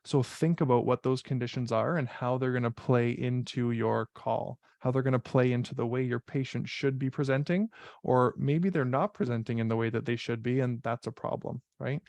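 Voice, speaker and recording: A male instructor coaching students through exam strategies on a video call, direct and practical, often tossing in "right?" to check they follow. His voice sits at an ordinary middle pitch. The sound is dry, with almost no room echo. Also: fairly even intonation, normal speed, vocal fry, darkish tone. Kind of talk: online info session teaching.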